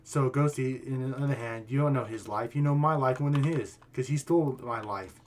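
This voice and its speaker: A man's voice: medium pitch, brisk, slight background noise. A man hosting a casual storytime commentary video, rambling and heated, often restarting his sentences. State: voice getting worn out. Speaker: YouTube commentary host.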